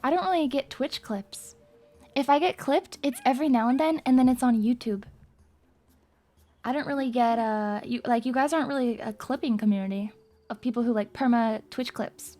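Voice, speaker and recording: A woman's voice: on the high side, normal speed, dark tone. A young woman streaming live, chatting in a hyper, rambling and crude way with her viewers. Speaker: VTuber streamer. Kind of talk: casual live-stream chat.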